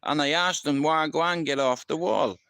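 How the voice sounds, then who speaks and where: A man's voice: on the high side, normal speed, creaky, a bit bright, smooth, no room sound. A middle-aged Irish man telling rambling stories from his past in casual talk, swearing freely and often checking that the listener understands. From Ireland. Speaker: livestream host. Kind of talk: casual storytelling.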